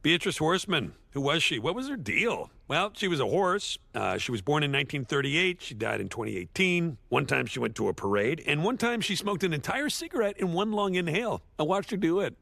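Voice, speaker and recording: A man's voice: fairly high pitch, very animated, fairly quick, vocal fry, hardly any pauses, a bit bright, no echo, full character voice. A man playing a sardonic, washed-up male horse actor who rambles through a eulogy with awkward, sarcastic jokes. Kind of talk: comedic eulogy monologue.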